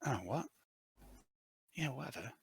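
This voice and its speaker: A man's voice: mid-range voice, animated, a little slow, creaky, breathy edge, no room sound. A man running a tabletop role-playing game as game master, thinking aloud and hesitating with fillers as he checks rules and gear.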